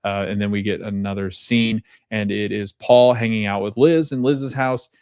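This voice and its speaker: This podcast host, a man, speaks on the low side at a normal speed, with fairly even intonation and a clear, resonant, slightly mellow tone. He rambles through a TV episode recap, frequently correcting himself and chuckling over scenes. The recording is dry and studio-clean.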